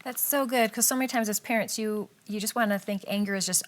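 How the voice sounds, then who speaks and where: Here is a woman hosting a talk show, speaking at a middle pitch. She keeps the chat casual. She encourages her guest and then asks a question to lead the conversation to the next point. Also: steady tone, fast talker. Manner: warmly affirming, steering the talk with questions. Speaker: host.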